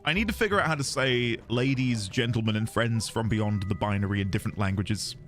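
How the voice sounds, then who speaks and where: A man's voice: fairly low pitch, brisk, a bit bright, soft background music. A man streaming a game, chatting with his viewers in a playful, goofy way. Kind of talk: casual game-stream chat.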